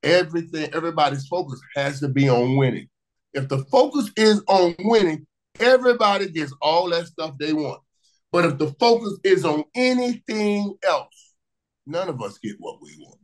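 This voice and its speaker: Animated storytelling man from Miami. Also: on the high side, moderate pace, low-quality recording. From Miami, USA. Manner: lively, repeats words, bursts of laughter. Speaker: guest, former pro football receiver. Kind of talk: animated storytelling in casual conversation.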